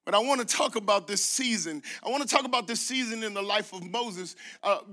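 A man preaching a sermon as a guest preacher on a church stage, animated, leading call-and-response with the congregation and laughing in asides. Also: high voice, fairly quick, dry recording. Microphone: microphone.

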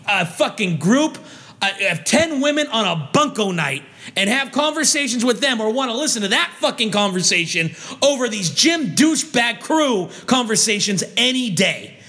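A man's voice: very high voice, pushed and bright. A man delivering an angry, profane rant. He swears constantly and keeps stumbling into restarts. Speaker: vlogger.

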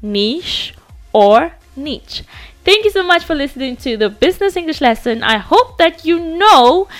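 A woman's voice: extremely high pitch, very animated, normal speed, faint music behind. A woman teaching English pronunciation, spelling words out letter by letter in a reassuring, playful way. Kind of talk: pronunciation lesson.

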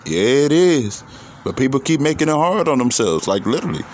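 A man's voice: mid-range voice, big pitch swings, brisk, slight background noise. A man talking in a casual, profane, rambling monologue, preaching his views.

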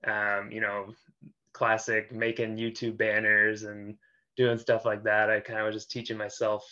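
A man's voice: lowish voice, completely flat delivery, unhurried, sharp tone, highs cut off. A young man in his twenties, a designer guest, talking casually and easily with plenty of fillers. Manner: easygoing, laughs often, uses fillers. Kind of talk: casual interview chat.

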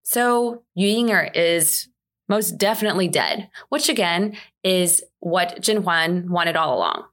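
A woman's voice: fairly low pitch, unhurried, fairly bright tone. Chatty woman recapping a drama, wry. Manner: chatty, wry and sarcastic asides. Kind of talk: casual recap commentary.

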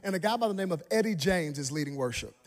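A man in his thirties preaching a sermon, telling a personal story in an animated way and jumping into high, excited voices when he acts out the people in it. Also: fast talker. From Dallas, Texas. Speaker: pastor. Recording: long hall reverb.

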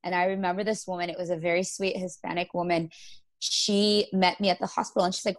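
A woman giving an emotional, halting account of her own experience as an interview guest. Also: fairly low pitch, little pitch movement. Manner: emotional, halting storytelling with many fillers. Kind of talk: personal testimony interview.

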